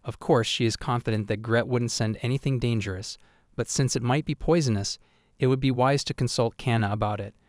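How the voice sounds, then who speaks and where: A man narrating a comic story recap in a steady, even third-person retelling. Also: medium pitch, brisk, no room sound, studio quality.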